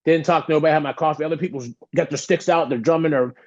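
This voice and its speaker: A man's voice: a little high, fairly even intonation, rapid-fire, darkish tone, dull audio. A man, a guest on a podcast, telling a story with animation and acting out the voices of the people he quotes. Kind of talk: storytelling in an interview.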